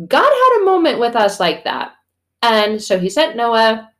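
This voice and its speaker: A woman's voice: a little high, wildly swooping pitch, unhurried, fairly bright tone. A woman and mother hosting a casual faith talk, chatty and slangy, with some swearing. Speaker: faith podcast host.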